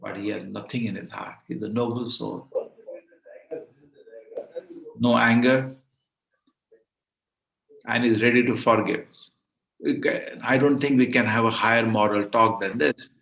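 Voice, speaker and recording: A man's voice: mid-range voice, fairly even intonation, moderate pace, gravelly, a bit bright, lo-fi sound. A man teaching a devotional scripture class, speaking emphatically and repeating phrases for stress over an online call. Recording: roomy echo.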